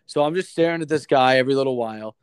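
A man's voice: medium pitch, very fast, smooth, dry recording. A man telling a long story in casual chat, swearing often and acting out the other people in it. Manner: profane, animated storyteller.

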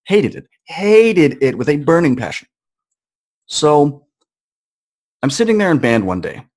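A man's voice: on the high side, very animated, measured pace, darkish tone. Earnest young man telling a story. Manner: earnest, conversational, acts out quoted voices. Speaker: podcast guest. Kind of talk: personal storytelling in conversation.

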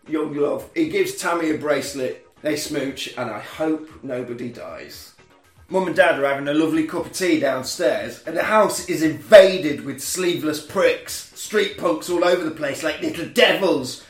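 Animated man recapping a film, echoey. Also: fairly high pitch, moderate pace, faint music behind. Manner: animated, shouts out quoted lines in put-on voices, swears freely. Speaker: podcast co-host recapping a film. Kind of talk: casual comedic chat.

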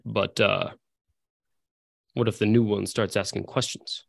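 A man voicing a cloaked hired agent in a fantasy game, low, quiet and hesitant. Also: steady tone, measured pace, vocal fry, no echo, studio quality, full character voice. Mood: wary.

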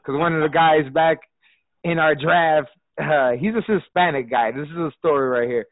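A man's voice: fairly high pitch, normal speed, no echo. Man on a tinny, phone-like line. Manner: loose and animated, lots of fillers and restarts, swears freely. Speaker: fantasy football podcast co-host. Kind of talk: casual podcast chat. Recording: dry, phone-like narrow sound.

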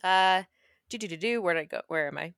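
A woman's voice: on the low side, fast, gravelly, fairly bright tone, clear, resonant tone, no room sound. A young woman reading a fairy tale aloud and breaking off into playful, sarcastic jokes. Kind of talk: reading a story aloud with joking asides.

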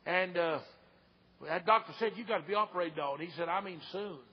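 An older man preaching an old-time revival sermon as an evangelist, fervent and folksy, sometimes shouting and hollering. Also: high voice, a little fast, breathy edge. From Tennessee. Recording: dull old recording with long hall reverb.

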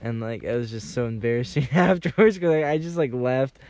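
A young man chats with his friends and rambles through a story, filling it with "like" at every turn. His voice sits at an ordinary middle pitch and keeps an easy, loose way of talking. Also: lively intonation, brisk, darkish tone, slight background noise. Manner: rambling storyteller, heavy use of "like". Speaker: podcast co-host. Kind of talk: casual chat among friends.

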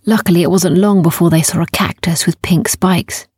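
A woman narrating a children's story in a gentle, unhurried way, sometimes dropping to a near whisper. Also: fairly low pitch, steady tone, husky, no echo, studio quality.

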